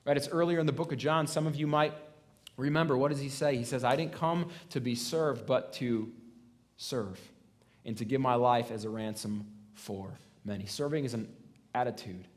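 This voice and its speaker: A man's voice: mid-range voice, normal speed. A man preaching a sermon in a conversational way. He often asks "right?" and restarts his words, rising to stress a point. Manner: conversational preaching, frequent "right?" tag questions; restarts and stammered repeats, emphatic rises. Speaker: pastor.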